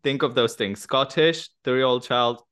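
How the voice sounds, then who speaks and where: A playful woman hosts a podcast and runs a quick-fire question game. She teases her guest and laughs often. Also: very deep voice, a bit bright, smooth. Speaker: podcast host.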